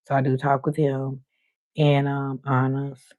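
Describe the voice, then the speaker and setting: A woman's voice: extremely low pitch, completely flat delivery, unhurried, a little mellow, dry recording, muffled recording. An older woman, hosting a live stream and chatting casually, telling stories full of quoted voices.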